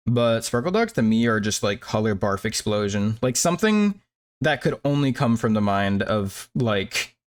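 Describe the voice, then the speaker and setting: A young man chatting casually on a stream while drawing, rambling with lots of fillers and laughing at himself. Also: mid-range voice.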